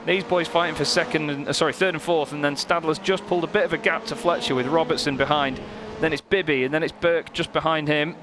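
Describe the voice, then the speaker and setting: A young man commentating on a sim race, lively and joking, growing excited at close moments. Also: fairly high pitch, fast. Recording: commentary over loud race car noise.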